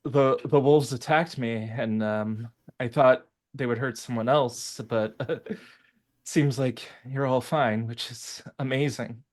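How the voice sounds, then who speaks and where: Man putting on a winded, apologetic woman researcher, stuttery, a touch higher than his own voice. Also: fairly even intonation, takes it slowly, close to an everyday voice. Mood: breathless apologetic. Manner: stammering, apologetic. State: out of breath.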